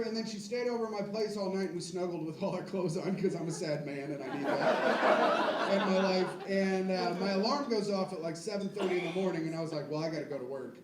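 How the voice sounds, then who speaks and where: Heard through a distant mic, a high-pitched young man in his twenties delivers a crude, self-deprecating comedy set full of rambling crowd asides. He's on a comedy club stage, the room echoes, and the audience is loud.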